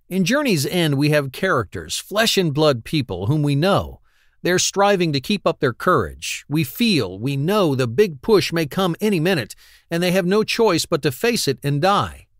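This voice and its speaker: A man's voice: a little high, dry recording, studio quality. A man narrating an audiobook in a wry, analytical reading. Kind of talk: scripted narration.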